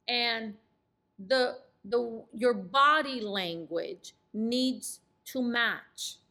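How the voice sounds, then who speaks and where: A woman's voice: on the high side, pushed and bright. A middle-aged woman giving real estate coaching straight to camera, firm and ending her sentences on a falling tone. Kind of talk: direct-to-camera coaching talk.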